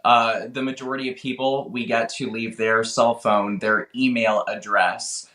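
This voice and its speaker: Earnest man with a bright echoey sound. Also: medium pitch, little pitch movement, unhurried. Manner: earnest, urgent, pleading. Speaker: guest, voter registration organizer. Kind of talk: interview answers.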